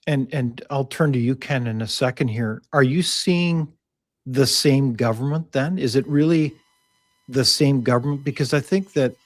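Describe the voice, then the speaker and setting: A man hosting and moderating a panel discussion, asking measured, probing questions. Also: medium pitch, dry recording. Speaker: host.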